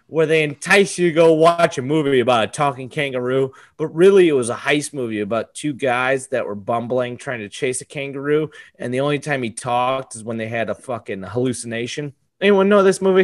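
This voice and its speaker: A man's voice: mid-range voice, a little fast, few pauses. A young man co-hosting a comedy podcast, riffing into profane mock rants with sudden yelped outbursts. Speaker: podcast co-host. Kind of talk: casual comedic chat.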